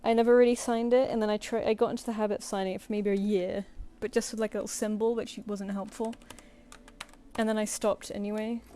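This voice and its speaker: A woman's voice: medium pitch, flat delivery, quick pace, dark tone. A woman artist chatting casually on a live stream, rambling and self-deprecating, and talking to her pet between thoughts.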